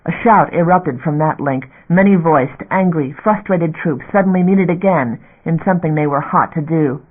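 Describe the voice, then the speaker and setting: A man narrating a science fiction audiobook in a steady, dramatic reading. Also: fairly high pitch, moderate pace. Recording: narrow phone-like audio.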